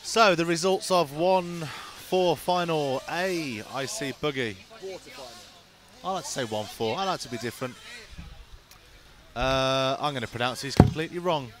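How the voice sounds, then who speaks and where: Outdoors at a race track, a male race stream presenter reads out results and welcomes new group members in casual live-stream chat. His voice is medium-pitched and animated, with a moderate pace and long pauses, and he's chatty, self-mocking and apologetic about names.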